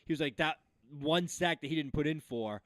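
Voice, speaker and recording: Fast-talking rambling man, dry sound. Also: a little high, no echo. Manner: fast, rambling retelling with many fillers. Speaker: podcast co-host. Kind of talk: casual sports chat.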